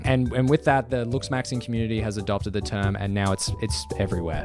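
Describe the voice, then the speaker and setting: A man's voice: little pitch movement, quick pace, few pauses, a little mellow, faint music behind. Sarcastic man narrating a video essay. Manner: sarcastic, exasperated, swings between high and low. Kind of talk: scripted commentary narration.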